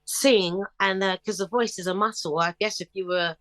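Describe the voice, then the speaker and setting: A woman's voice: medium pitch, normal speed, dry recording. A woman in her fifties, a singer, telling stories from her life in a casual interview. She acts out other voices and breaks into snatches of song. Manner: animated storyteller who acts out voices and sings snatches of songs.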